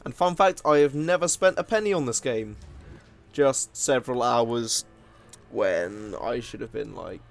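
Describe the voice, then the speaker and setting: A man's voice: medium pitch, a little slow, gravelly, soft background music. A man giving casual, self-mocking commentary while playing a card game, often laughing at himself. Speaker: gaming video host.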